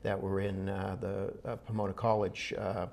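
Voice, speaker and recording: Hesitant New England man, low voice. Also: level tone, normal speed, vocal fry, darkish tone, a little hiss or hum. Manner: hesitant, many "uh" fillers. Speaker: city council member. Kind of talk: local TV interview.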